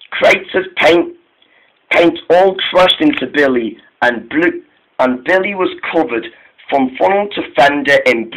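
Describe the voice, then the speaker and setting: A man's voice: mid-range voice, fairly bright tone, rough recording. A man narrating a fan-made train story, stumbling and restarting his sentences often. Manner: halting, frequent restarts.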